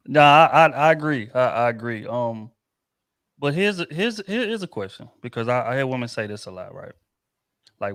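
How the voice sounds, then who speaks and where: A young man leads a relaxed group conversation as host. He hedges and restarts often while choosing his words. His voice sits dry and close to the mic, with no room around it. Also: mid-range voice, normal speed, pauses often, no room sound. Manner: asks questions, hedges carefully with restarts. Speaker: podcast host. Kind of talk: casual group chat.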